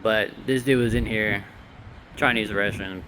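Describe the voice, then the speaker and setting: A man's voice: fairly low pitch, fairly even intonation, moderate pace, pushed and bright, a little hiss or hum. A man who owns a laundromat, talking casually through a walkthrough vlog with sarcastic asides. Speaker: laundromat owner. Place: inside a laundromat.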